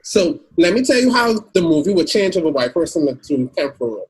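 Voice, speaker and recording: Husky-voiced man steering a debate. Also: a little high, big pitch swings, fairly quick, poor audio. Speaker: podcast host. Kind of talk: casual group discussion.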